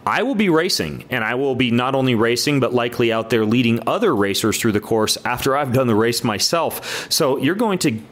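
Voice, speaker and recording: Joking guy hosting a podcast, upbeat and teasing, average pitch. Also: expressive, brisk, hardly any pauses. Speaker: podcast host. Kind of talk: casual podcast intro chat.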